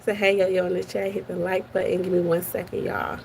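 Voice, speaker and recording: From her office at work, a woman hosts a casual live stream, chatty and gossipy, greeting viewers by name. Her voice is fairly low, creaky and darkish, with little pitch movement and a quick pace, over slight background noise.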